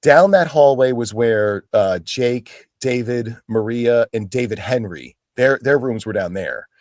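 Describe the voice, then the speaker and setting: Speaking a little slowly in a medium-pitched voice, a middle-aged man, an actor and guest, shares casual stories and animatedly performs the voices of their characters. The studio recording has no echo.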